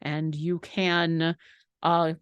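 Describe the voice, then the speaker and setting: Co-hosting a live painting stream, this woman reads out viewer questions and rambles chattily with quick asides. Her low voice is flat in delivery but clear and resonant, recorded dry.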